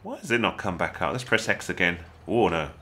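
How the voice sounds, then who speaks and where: Bright, lively English gaming tutor. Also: male voice, sits low, brisk. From England. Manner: chatty, excitable, jokey asides. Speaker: gaming YouTuber. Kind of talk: casual gameplay tutorial voice-over.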